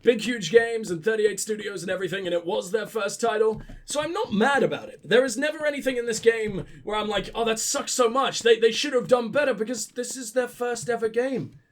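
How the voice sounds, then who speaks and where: A man's voice: high voice, a little fast, hardly any pauses. A young man with sniffles, commentating his gameplay in a profane, rambling, joking way. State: sick with sniffles. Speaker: let's play host.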